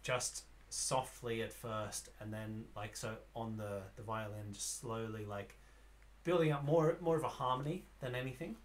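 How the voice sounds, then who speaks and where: A man's voice: fairly low pitch, moderate pace, a little hiss or hum. A man playing a tabletop game, describing his character's actions in a rambling, hesitant way. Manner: rambling, hesitant, full of fillers. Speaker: player.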